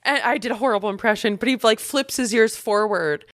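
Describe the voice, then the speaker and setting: A woman's voice: fairly high pitch, a little fast, no room sound, clean studio sound. A woman co-hosting a podcast in casual chat, recapping animatedly and swearing freely. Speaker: podcast co-host.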